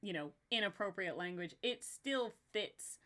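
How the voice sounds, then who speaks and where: A young woman hosting a relaxed podcast chat, with a slight natural vocal fry in her mid-pitched voice. She is animated, laughs often and swears casually as she talks. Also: unhurried. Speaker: podcast host.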